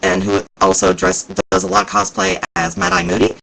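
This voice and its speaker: A man vlogging casually about a convention, rambling and excitable, with plenty of fillers. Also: sits low, a little fast, creaky, background noise. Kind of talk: casual chat recounting events.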